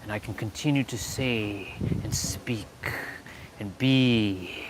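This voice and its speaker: Animated man swinging soft to loud. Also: a little hiss or hum. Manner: swings from low murmurs to loud, slow, drawn-out emphasis; laughs often, casual and self-aware. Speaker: live-stream host. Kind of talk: rambling motivational live-stream chat.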